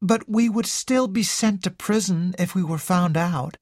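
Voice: medium pitch, measured pace, dry recording, studio quality, pitched above the performer's own voice, close to an everyday voice. Reader voicing a desperate, hopeless young woman. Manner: pleading, hopeless, emotional.

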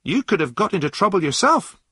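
A man voicing a frightened young man on the run, speaking high and anxiously. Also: big pitch swings, a little fast, pushed and bright, breathy edge, dry recording, heavily acted.

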